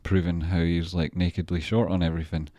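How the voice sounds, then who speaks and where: A man's voice: deep voice, flat delivery, quick pace, warm tone, dry recording. A man hosting a trading livestream, chatting casually and rambling as he jokes and reacts to viewer messages.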